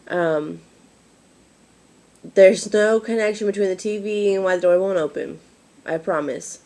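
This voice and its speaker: Slow, wheezy woman. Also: medium pitch, steady tone, mellow. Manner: rambling and apologetic. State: out of breath, wheezing. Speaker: mother vlogging. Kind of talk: casual chat to camera. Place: at home.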